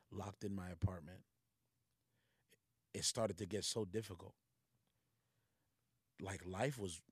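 Low-voiced man preaching casually. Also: darkish tone, breathy edge, no echo, studio quality. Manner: conversational, slangy, emphatic preaching. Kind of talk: casual livestream sermon.

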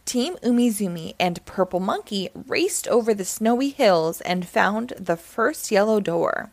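Woman storyteller for kids, gentle and expressive; slow, animated pitch, dry close sound. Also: no room sound. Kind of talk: reading a children's book aloud.

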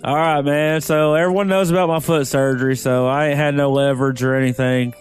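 A married man co-hosting a casual podcast, telling crude stories with rising excitement. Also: a little high, a little fast, faint music behind. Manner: animated storyteller, crude and excitable. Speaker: podcast co-host.

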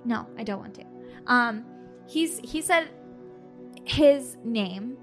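Animated, laughing woman telling a story. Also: fairly high pitch, slow, faint music behind. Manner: animated, laughing often, acting out her own past lines. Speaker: podcast co-host. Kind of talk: casual storytelling chat.

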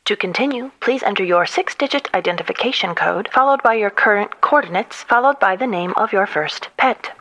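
A woman voicing a female AI phone answering system that reads out prompts in a calm, automated way and slips in cruel insults. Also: mid-range voice, a little fast, hardly any pauses, rough recording. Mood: deadpan. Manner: calm automated-menu delivery with cruel remarks.

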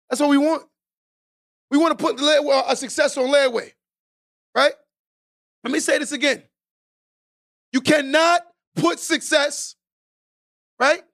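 A man with a strikingly high voice hosts a podcast and preaches motivation at the listener. He hammers his points home by repeating lines and climbs into shouted exhortations. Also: creaky. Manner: emphatic and preachy, repeats key lines for stress. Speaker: podcast host.

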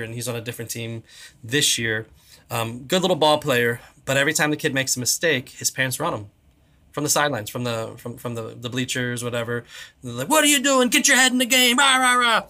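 A man in his thirties co-hosting a podcast, chatting casually and acting out quotes with lively jumps in his voice. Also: a little fast. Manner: animated storyteller, acts out quotes with big pitch jumps. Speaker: podcast co-host. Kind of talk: casual chat.

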